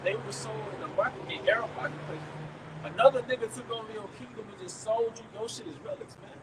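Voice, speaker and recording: A man preaching to a camp outdoors in loud, emphatic street slang. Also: sits high, steady tone, quick pace. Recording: distant mic, traffic noise outdoors.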